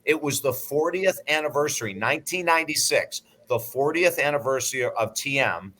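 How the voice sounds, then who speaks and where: Sitting for an interview as a guest, a sixties-aged life coach and broadcaster shares lively anecdotes in a blunt, emphatic style with occasional swearing. He speaks at normal speed in a medium-pitched voice.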